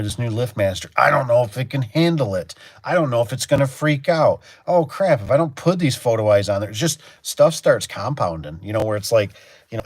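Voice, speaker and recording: A man's voice: on the low side, no room sound. A man working as a garage door technician, chatting in a rambling, storytelling way on a casual livestream and acting out his own reactions.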